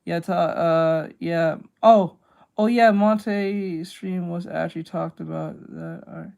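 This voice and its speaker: A woman's voice: fairly low pitch, fairly even intonation, takes it slowly, creaky, a little mellow, muffled recording. A woman streamer chatting casually while she draws, rambling and blunt, swearing freely and laughing often. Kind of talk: casual chat while drawing.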